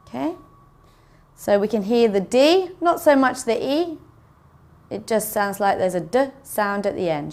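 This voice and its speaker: A woman teaching English pronunciation in a slow, careful way, saying each word twice for learners. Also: mid-range voice, sing-song. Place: classroom with a board.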